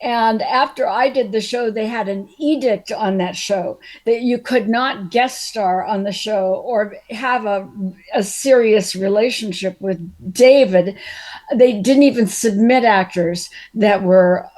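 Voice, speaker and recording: A woman's voice: mid-range voice, measured pace, a little mellow. An older actress chatting casually as a guest, telling rambling stories about a past role and sometimes losing her thread. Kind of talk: casual reminiscing conversation.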